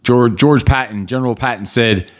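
A man's voice: medium pitch, moderate pace. A man hosting his own podcast, talking in a blunt, motivational way with casual swearing. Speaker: podcast host. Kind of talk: casual solo podcast monologue.

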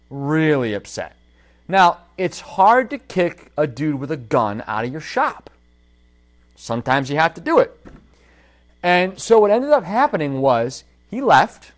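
A man hosting a casual livestream, telling a story from his workshop and talking straight to his viewers. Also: on the high side. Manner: animated storytelling, addresses viewers directly. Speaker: holster maker and livestream host.

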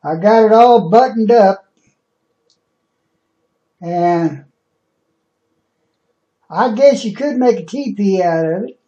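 A man talking casually into a webcam about a package, hesitant, with many pauses and restarts. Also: sits high, mellow, lo-fi sound. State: out of breath. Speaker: vlogger. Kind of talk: casual unboxing vlog.

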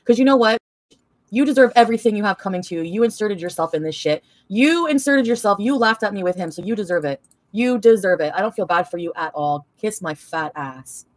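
A woman's voice: mid-range voice, fairly quick, dry recording. A young woman livestreaming an angry, profane, rambling rant full of fillers.

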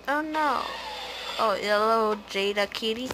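A woman giving casual, excitable let's-play commentary as she plays, chatty and prone to gasps and squeals. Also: high-pitched, a little slow, background noise. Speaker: gaming video host.

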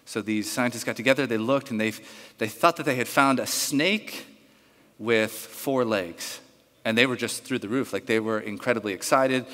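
A male pastor preaching a sermon, telling a story in an animated way and acting out the voices of its characters. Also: medium pitch, moderate pace. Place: church sanctuary. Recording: reverberant church hall.

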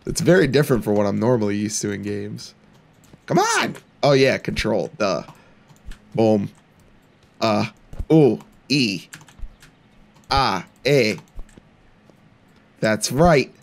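Young male let's-player, gravelly, unhurried delivery, wide lively pitch, playful and taunting with frequent laughs. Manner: playful, laughs a lot, mock-taunts game characters. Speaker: gaming channel host. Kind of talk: let's play commentary.

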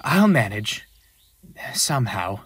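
A man's voice: fairly low pitch, sing-song, slow pace. A man voicing a weary, dependable older male engine in a storybook reading, with a stoic manner.

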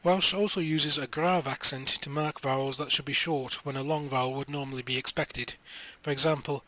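A man with a bright, forceful voice that sits a little high reads an encyclopedia article aloud. He spells out letters one by one and carefully sounds out each foreign word. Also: steady tone, normal speed. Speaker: volunteer reader of spoken encyclopedia articles.

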